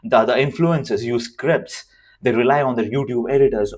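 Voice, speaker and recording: This communication coach talks briskly in a medium-pitched, darkish voice that sounds worn and hoarse. Unscripted and addressing the camera, he leans into his points emphatically and keeps repeating key phrases.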